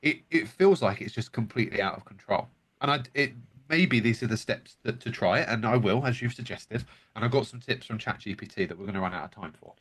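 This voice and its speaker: A man's voice: fairly low pitch, a little fast, fairly bright tone, breathy edge. A man co-hosting a casual podcast chat, hesitant and often repeating words as he starts over. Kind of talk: casual conversation.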